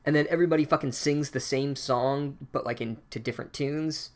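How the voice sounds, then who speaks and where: A man giving a casual, sarcastic comedic recap of a book chapter, swearing freely and speaking with a deadpan delivery. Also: fairly high pitch, fairly quick.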